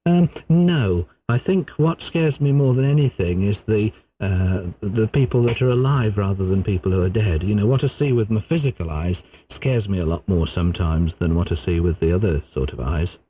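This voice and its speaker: An English man, a clairvoyant guest, explaining his ideas in a measured way on a radio phone-in. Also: fairly low pitch, warm tone, a little hiss or hum. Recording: dull lo-fi radio broadcast.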